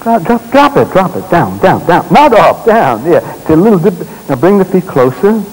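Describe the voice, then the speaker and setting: A man leading a live therapy demonstration on a stage, giving gentle, directive instructions in short commands and explaining to the audience as he works. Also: high voice, sing-song, normal speed, low-quality recording. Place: stage at a congress.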